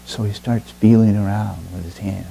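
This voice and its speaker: A man telling a folk tale aloud with slow, drawn-out, dramatic pauses. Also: on the low side, fairly even intonation, gravelly, mellow, slight background noise, poor audio. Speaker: storyteller. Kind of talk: oral storytelling.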